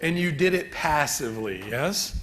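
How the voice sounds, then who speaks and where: Joking high-voiced man teaching a seminar. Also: lively intonation, moderate pace, fairly bright tone. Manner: joking, chatty, asks the crowd questions. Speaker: real estate seminar speaker. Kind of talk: live seminar talk to an audience.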